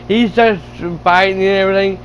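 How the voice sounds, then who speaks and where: A man casually retelling a movie, excited and laughing, with lots of stumbling restarts and swearing. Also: high-pitched, a little fast, slight background noise, rough recording. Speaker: gaming channel host reviewing a movie. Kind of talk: casual rambling movie recap.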